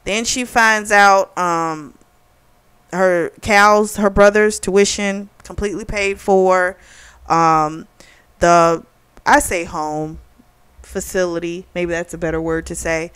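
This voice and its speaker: A woman's voice: fairly low pitch, fairly even intonation, slow pace, fairly bright tone, clean tone, dry recording. A woman hosting a casual book review, retelling the plot in a chatty way with lots of "like" and "you know.".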